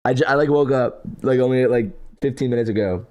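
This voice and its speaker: A man's voice: mid-range voice, fairly quick, darkish tone. Congested young man streaming in the morning. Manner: laid-back, answers chat and thanks donors. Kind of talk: casual live stream chat.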